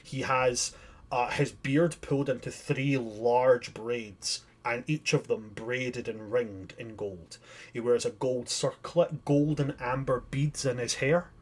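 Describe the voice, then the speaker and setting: A man's voice: mid-range voice, steady tone, slow. A man narrating a tabletop game as game master, descriptive and chatty with frequent restarts.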